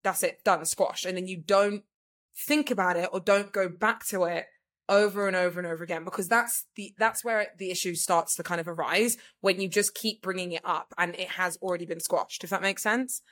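Her voice is lowish and fairly bright, delivered briskly with fairly even intonation. As a podcast co-host in casual conversation, she rambles, uses lots of fillers, and says "like" all the time.

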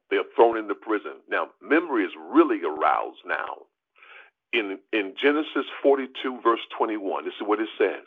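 A man, a pastor, preaching an animated sermon on a prayer call, calling out to listeners as y'all and rising high for emphasis. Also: husky. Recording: tinny phone line.

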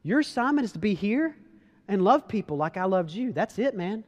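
A man speaking as a calm, steady teacher who is gentle yet firm and matter-of-fact. The voice sits fairly high. A long reverb of a large hall hangs behind it. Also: normal speed. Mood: gently firm.

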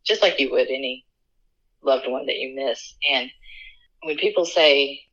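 A middle-aged woman shares a personal story as a podcast guest, earnest and halting, often emotional. Her voice is bright and ringing, while the recording sounds dull and lo-fi. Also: very deep voice.

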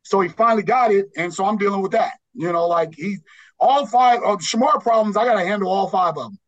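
A man's voice: high-pitched, fairly quick, dull audio. A man who coaches basketball, from Los Angeles, talking earnestly as an interview guest, rambling with many restarts.

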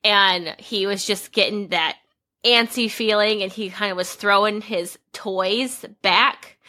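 A woman's voice: mid-range voice, slow, sharp tone. A young woman co-hosting a casual podcast chat, telling rambling anecdotes full of "like". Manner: rambling anecdotal storytelling, heavy use of "like". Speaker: podcast co-host.

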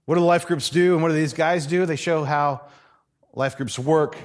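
Male pastor, sermon, fairly high voice, animated storytelling. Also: normal speed. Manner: animated storyteller, acts out quoted voices, laughs often.

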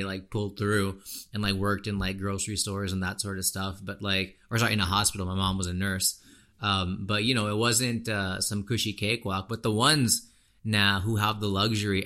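A young man hosting a podcast, ranting casually in an animated, frustrated way with plenty of fillers. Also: fairly low pitch. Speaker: podcast host. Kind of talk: casual opinion rant.

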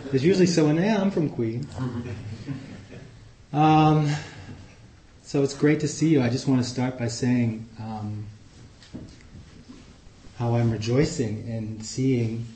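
A man with a New York accent, giving a relaxed, chatty talk to a group as guest speaker. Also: mid-range voice, measured pace, pauses often, a little hiss or hum. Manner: relaxed, chatty, warm humor. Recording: echoey room.

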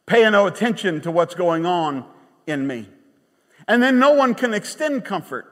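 A man pastor preaching a sermon, emphatic and animated, with sudden quiet drops. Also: high voice. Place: church sanctuary. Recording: long church reverb.

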